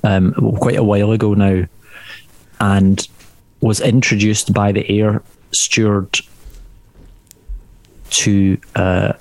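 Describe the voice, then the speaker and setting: A man's voice: on the low side, little pitch movement, slow pace, pauses often, no room sound. A man with a mild west of Scotland accent, chatting as a comedian guest on a podcast and rambling through his stories with many restarts. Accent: mild west of Scotland Scottish. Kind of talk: casual podcast chat.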